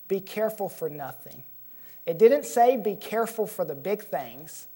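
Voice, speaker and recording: A woman preaching with slow emphasis. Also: on the low side, expressive, mellow, breathy edge. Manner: emphatic, slows to stress key words; asks the congregation questions. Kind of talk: sermon.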